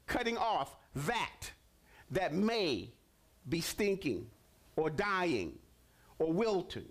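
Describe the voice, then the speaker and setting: A man preaching a sermon on a television ministry broadcast, animated and repetitive, with stammered restarts and sudden bursts. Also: high-pitched, very slow, long pauses.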